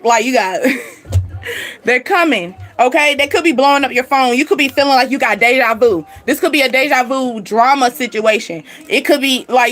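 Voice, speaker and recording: Sassy, animated woman reading energies. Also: sits high. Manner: animated, sassy, laughs often, talks straight to the listener. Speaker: spiritual reading channel host. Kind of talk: casual spiritual reading to viewers.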